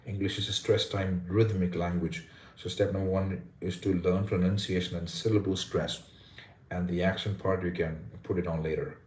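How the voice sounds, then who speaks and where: A man with a deep, low voice and an Indian accent, answering viewers' questions on a live stream. He talks casually, with plenty of restarts and repeated words. The voice sits a little back from the mic in an echoey room. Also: little pitch movement, normal speed, a little mellow, far from the mic, slight background noise. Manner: reads out comments, hesitant restarts and repeated words. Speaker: livestream host teaching English pronunciation.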